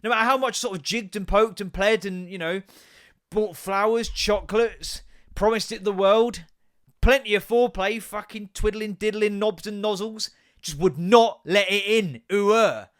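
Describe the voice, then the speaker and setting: A man in his thirties hosting a solo comedy podcast, ranting with lots of swearing, innuendo and quick mock voices. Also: high-pitched, fairly even intonation, a bit bright. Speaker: podcast host.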